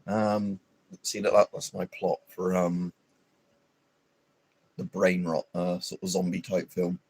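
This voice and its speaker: Low-voiced man ranting on a livestream. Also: monotone, unhurried, darkish tone, slightly rough, no echo. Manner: rambling, profane, opinionated, many fillers. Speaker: livestream host. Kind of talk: casual livestream chat.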